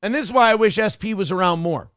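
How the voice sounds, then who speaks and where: A man's voice: high-pitched, quick pace, a bit bright, clear, resonant tone, no echo, clean studio sound. A man co-hosting a talk show, bantering playfully with mock-grand declarations. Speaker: co-host. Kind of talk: casual chat.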